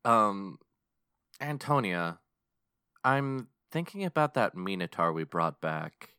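Slow, low-voiced man player. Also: big pitch swings, pushed and bright, smooth, no room sound, clean studio sound.

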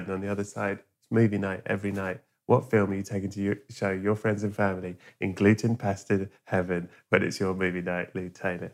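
A man hosting a podcast, telling a deadpan, sweary comic story and acting out characters in a hushed voice. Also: deep voice, fairly quick. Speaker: podcast host.

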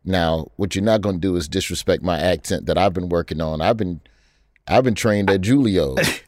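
A man's voice: sits low, moderate pace, darkish tone, no room sound, clean studio sound. A man hosting a comedy podcast, joking in a mock-indignant, playful way before asking his guest questions. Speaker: host.

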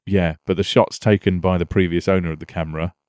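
A man's voice: sits low, fairly even intonation, fast, darkish tone, dry recording, studio quality. A man co-hosting a casual gaming podcast, enthusiastic and loose, with many fillers. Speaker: podcast co-host.

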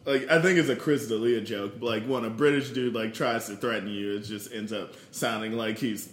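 Male podcast co-host, relaxed and joking, mid-pitched, roomy echo. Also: a little fast. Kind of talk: casual chat.

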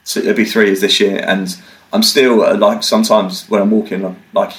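A man's voice: on the low side, normal speed, poor audio. A young man from the UK, a podcast guest, telling a story casually, swearing and acting out what people said. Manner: swearing, animated, acts out quotes.

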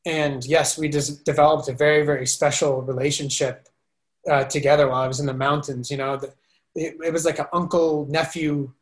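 A man talking as a podcast guest, telling a personal story in a lively, animated way, often restarting his sentences. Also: fairly high pitch, fairly quick. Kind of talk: casual storytelling interview.

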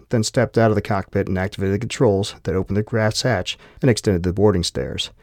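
Male audiobook narrator, lowish voice, dry close recording, steady reading. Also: no room sound.

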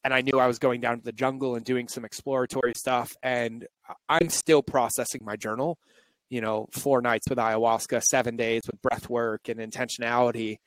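A male podcast host speaks openly and reflectively in a candid, confessional conversation, his voice shaky and close to tears. He talks at normal speed in a medium-pitched, flat delivery, on a low-quality recording with no room sound.

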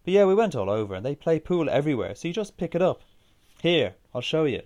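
A man's voice: on the high side, big pitch swings, fast, darkish tone, voice pushed up. A man voicing a cool, offhand young woman. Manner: casual, offhand.

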